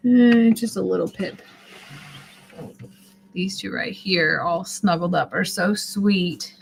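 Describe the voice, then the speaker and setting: A sleepy woman talks casually through a live stream, rambling from one thought to the next. Her voice sits fairly low. A faint hum of room ambience stays underneath. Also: slow, vocal fry. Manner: chatty, rambling, reads out viewer comments. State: sleepy, yawning. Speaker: homesteading livestreamer.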